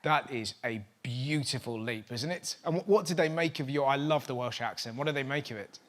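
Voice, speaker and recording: A man hosting a comedy show, riffing excitably and swearing freely with members of a studio audience. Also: mid-range voice, fairly quick. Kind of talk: joking banter with the studio audience. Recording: studio audience noise behind.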